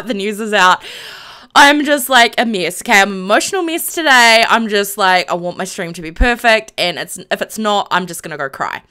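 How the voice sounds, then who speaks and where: A woman live-streaming a game, chatting casually to viewers in a flustered, excitable way and exclaiming often. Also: a little high, normal speed, smooth. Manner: flustered, excitable, lots of "oh my gosh" and laughing.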